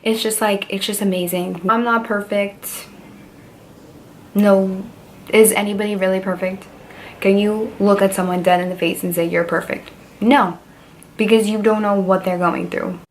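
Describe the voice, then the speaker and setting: A young woman vlogging straight to camera at a mid pitch, rambling from thought to thought with plenty of "like" and "um". She sounds heartfelt and candid, and a faint hiss of room noise sits under her voice. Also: fairly even intonation, moderate pace. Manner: rambling, heartfelt, frequent fillers. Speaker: beauty vlogger. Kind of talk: candid personal vlog talk.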